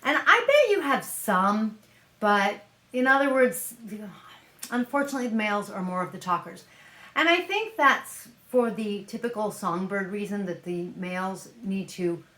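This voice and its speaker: A woman's voice: mid-range voice, animated, moderate pace, bright, forceful tone. A woman vlogging casually about keeping parrots, chatty and thinking aloud, handling a bird at home. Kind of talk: casual explainer vlog. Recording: echoey room.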